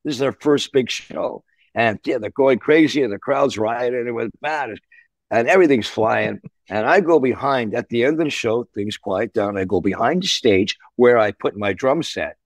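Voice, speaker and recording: Older canadian-born musician telling wild road stories, swears a lot, mid-pitched, dry close mic. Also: male voice, moderate pace, no room sound. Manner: animated, swears, acts out voices. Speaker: musician guest. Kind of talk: anecdote-telling interview.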